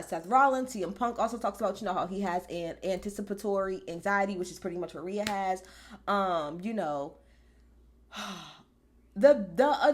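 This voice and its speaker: A woman reviewing a wrestling show in a casual, emphatic vlog, swearing freely and talking animatedly. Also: a little high.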